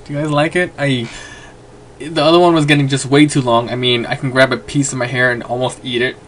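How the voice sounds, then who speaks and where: A man's voice: mid-range voice, little pitch movement, a little fast, fairly bright tone, slight background noise. A young man talking casually in a home vlog, rambling with lots of fillers. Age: young adult. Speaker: vlogger.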